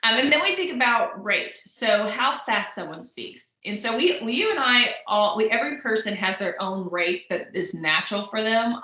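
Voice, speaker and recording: A woman's voice: medium pitch, pushed and bright, roomy sound, poor audio. A woman giving a recorded college lecture in a conversational way, often checking in with her listeners. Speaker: college instructor.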